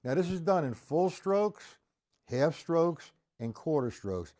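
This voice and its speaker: A man teaching a live-streamed drum lesson, patiently explaining and counting rhythms out loud, with faint drumming behind him. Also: on the high side, sing-song, takes it slowly.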